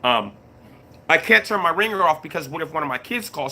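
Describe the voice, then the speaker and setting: Laid-back man, bright forceful voice. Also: on the high side, expressive, fairly quick. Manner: laid-back, repeats himself, greets chat mid-story. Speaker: YouTube live streamer. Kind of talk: casual livestream talk to viewers.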